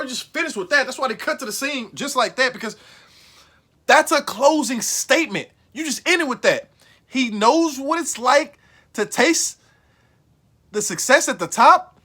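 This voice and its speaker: A man hosting a casual recap vlog, slangy and excitable, repeating lines for emphasis and swinging from low mumbles to loud outbursts. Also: normal speed. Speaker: show recap host.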